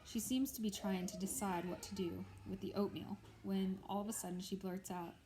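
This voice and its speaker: A woman's voice: medium pitch, steady tone, moderate pace, hardly any pauses, dark tone, a little hiss or hum, low-quality recording. Woman narrating a novel aloud. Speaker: audiobook reader.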